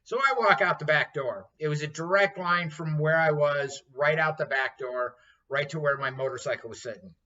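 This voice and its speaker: A man's voice: on the high side, moderate pace, sharp tone. A man in his fifties, a chef, telling a story in casual chat, blunt and profane. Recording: dull lo-fi sound.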